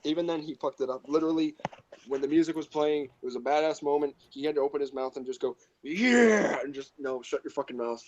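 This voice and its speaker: A man's voice: on the high side, steady tone, fast, dark tone, dull audio, slight background noise. A man co-hosting a casual movie review chat, talking bluntly, swearing and mocking the characters he dislikes. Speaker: podcast co-host.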